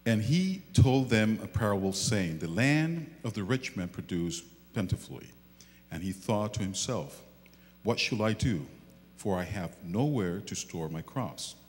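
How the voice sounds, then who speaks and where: A man from the congregation reading a scripture passage aloud in a steady, careful way. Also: lowish voice, unhurried. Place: church sanctuary. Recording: distant voice in echoey hall with faint music.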